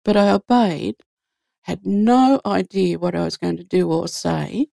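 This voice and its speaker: A woman's voice: on the low side, unhurried, vocal fry, dark tone, no room sound, studio quality. A woman guest telling an earnest spiritual story in an easy conversational way. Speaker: guest sharing a faith story.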